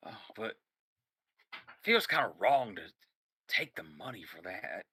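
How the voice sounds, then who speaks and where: A man voicing a gruff, folksy outlaw boss who talks in an old-timey rural drawl and grows muddled. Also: high-pitched, very animated, moderate pace, bright, forceful tone, dry recording, clean studio sound, pitched above the performer's own voice, exaggerated voice. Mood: reluctant.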